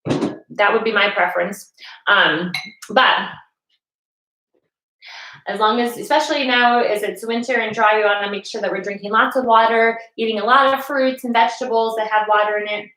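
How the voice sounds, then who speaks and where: A woman's voice: a little high, steady tone, moderate pace, bright, forceful tone, reverberant, rough recording. A woman leading a family yoga class from her couch at home, talking to children in a patient, encouraging way. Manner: patient, encouraging, speaks to kids.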